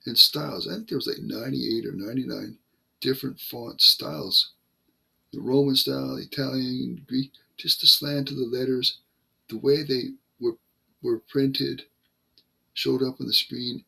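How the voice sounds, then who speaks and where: An older man retelling a personal faith story in a casual, halting way, acting out the dialogue as he goes. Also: medium pitch, creaky, pushed and bright, breathy edge. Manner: halting, acts out quoted dialogue. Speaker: Christian storyteller.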